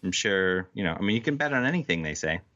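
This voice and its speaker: A man in his forties trades jokes in a casual podcast chat, teasing his co-host and laughing easily. His low voice has a bright, forceful edge, and his pitch swings widely as he talks. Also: sing-song, quick pace, muffled recording. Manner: joking, teasing, laughs often.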